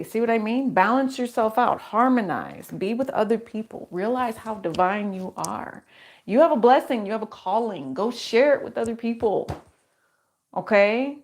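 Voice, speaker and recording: A middle-aged woman giving a casual tarot reading, chatty and rambling, laughing often as she talks. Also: medium pitch. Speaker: tarot reader.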